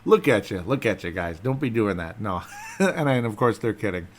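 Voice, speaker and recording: A man with a fairly low voice talks to his listeners in a loose, rambling way. He jokes at his own expense and wanders off topic in a casual solo podcast. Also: sing-song, normal speed. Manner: rambling, self-deprecating, jokey. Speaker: podcast host.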